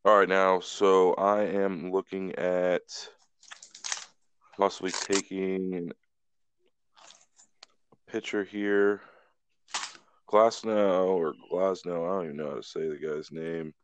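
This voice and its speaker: A man's voice: sits low, fairly even intonation, slow pace, pauses often, fairly bright tone, slight background noise. A man co-hosting a podcast in laid-back, profane, grumbling casual chat, on a slightly dull lo-fi mic. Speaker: podcast co-host.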